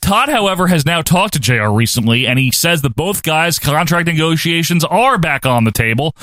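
A man co-hosting a podcast, recapping old wrestling shows in a sarcastic, joking way with quick impressions. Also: fairly high pitch, animated, fairly bright tone, no room sound. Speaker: podcast co-host.

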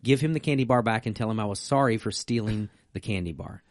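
A middle-aged man, a pastor co-hosting a podcast, chatting casually and telling stories in a relaxed way. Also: lowish voice, quick pace, no echo, studio quality. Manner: storytelling, relaxed and conversational. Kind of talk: casual chat.

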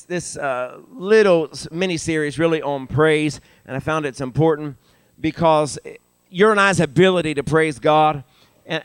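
Older male pastor with a smooth, clear voice. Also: no room sound. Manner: animated, rising in pitch and volume for emphasis. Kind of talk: sermon. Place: church sanctuary.

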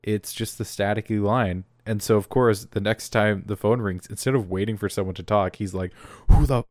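A man's voice: fairly low pitch, fairly even intonation, normal speed, no room sound, clean studio sound. A young man casually recapping a tabletop game, swearing and laughing as he acts out characters' lines. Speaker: player.

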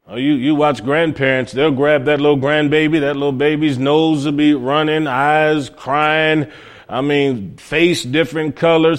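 A man from Cleveland, Ohio, preaching a sermon with folksy stories, swinging between loud cries and low murmurs. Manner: folksy storytelling.

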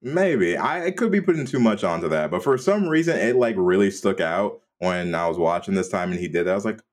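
A man co-hosting a casual movie-review podcast, rambling in a relaxed way with plenty of "like". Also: low voice, fairly quick. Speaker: podcast co-host.

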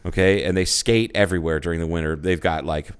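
Low, smooth-voiced guy rambling casually. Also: fairly even intonation, quick pace. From Ohio. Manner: rambling, profane, lots of restarts. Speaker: podcast co-host. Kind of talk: casual chat.

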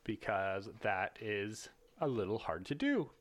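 A man co-hosting a casual film podcast, talking in an animated, playful way and laughing often. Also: fairly low pitch, unhurried. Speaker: podcast co-host. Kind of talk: casual chat.

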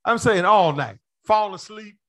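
A man preaching a sermon, calling out to the congregation, with playful asides and bursts of shouting. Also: sits high, animated, unhurried. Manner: preaching with rising shouts, call-and-response to the congregation. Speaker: pastor.

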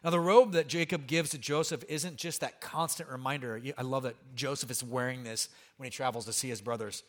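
A man preaches as a pastor, talking through his sermon in an animated, conversational way. His voice sits somewhat high for a man. He drops in light jokes and asides to the congregation.

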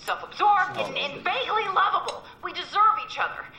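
Frantic schemer, very high bright voice, rambling and self-mocking, answering machine message, loud crowd behind. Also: female voice, sing-song, a little fast, reverberant. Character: frantic scheming woman at the end of her rope.

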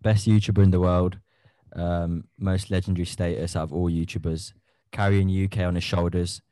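A man's voice: sits low, flat delivery, normal speed, warm tone, no room sound. A man co-hosting a podcast, teasing his friends in casual banter. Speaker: podcast co-host. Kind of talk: casual chat.

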